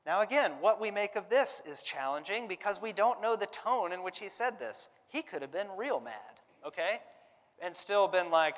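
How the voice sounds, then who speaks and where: A man's voice: high-pitched, expressive, moderate pace, fairly bright tone. A man giving a conversational Bible lesson, thinking aloud, hedging and restarting often. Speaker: Bible teacher. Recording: long hall reverb.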